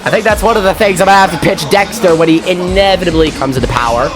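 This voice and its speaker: A man giving casual, excitable wrestling commentary, chatty and quick to swear. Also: high-pitched, music in the background.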